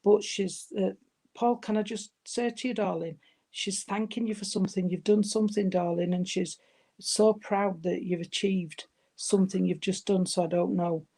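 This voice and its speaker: A woman's voice: medium pitch, fairly even intonation, moderate pace, mellow, slightly rough. A woman giving a live mediumship reading, hesitant and affectionate, calling her listeners darling. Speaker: spiritual medium.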